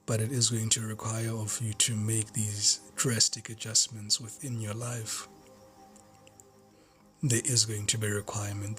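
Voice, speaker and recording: A man giving a collective tarot reading, fervent and repetitive, often dropping into hushed whispers. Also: fairly low pitch, little pitch movement, unhurried, soft background music. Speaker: tarot reader.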